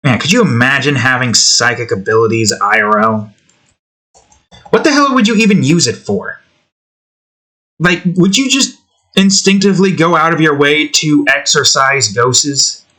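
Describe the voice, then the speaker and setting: A man hosting his own channel draws on stream, rambling casually to himself, thinking aloud and trailing off. His voice is on the high side, expressive and sharp in tone, at a moderate pace with frequent pauses.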